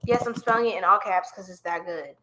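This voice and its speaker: A woman's voice: mid-range voice, brisk, heavy background noise. A woman giving a live-streamed tarot reading, chatty and playful, laughing often and talking to viewers as y'all. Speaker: tarot reader.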